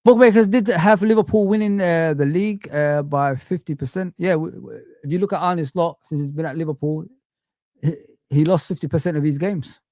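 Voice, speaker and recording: A young man with a dark-toned voice on the high side speaks at a moderate pace while hosting a fan channel livestream. He rants casually in an exasperated, repetitive way and swears often. The sound is studio quality with no room echo.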